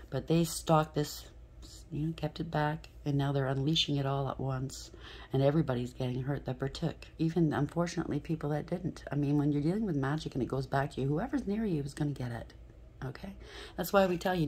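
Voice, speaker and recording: A woman's voice: low voice, a little hiss or hum. A middle-aged woman giving a casual tarot reading, blunt and chatty, swearing freely and often checking in with "okay?". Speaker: tarot reader.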